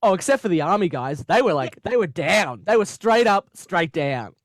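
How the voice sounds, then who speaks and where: A podcast co-host in casual chat, with a middle pitch and a dry, close sound. The co-host keeps laughing and acts out scenes in quick put-on voices. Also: big pitch swings, no room sound.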